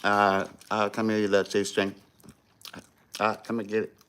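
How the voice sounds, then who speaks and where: A man's voice: fairly low pitch, monotone, normal speed, a bit bright, clear, resonant tone. A man hosting a casual livestream, chatting to viewers in a laid-back, slangy way while eating. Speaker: livestream host.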